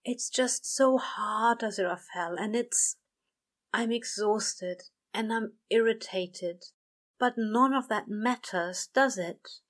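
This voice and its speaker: A woman reading a story aloud and voicing a tired, frightened male demon who mutters in a low, worn voice. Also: slow pace. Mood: desperate.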